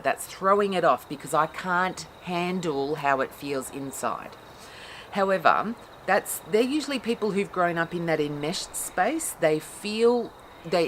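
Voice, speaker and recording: Low-voiced woman explaining bluntly. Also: a little hiss or hum, poor audio. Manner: animated, acts out quoted outbursts, blunt with mild swearing. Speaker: therapist explaining trauma. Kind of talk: casual explanatory talk.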